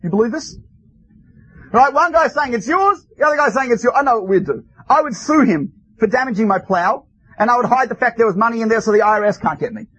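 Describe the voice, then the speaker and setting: A man lectures his class through a story, with a very high, husky voice. The sound is dry and close. He keeps things lively with wry asides. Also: quick pace, no echo, low-quality recording. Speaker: teacher.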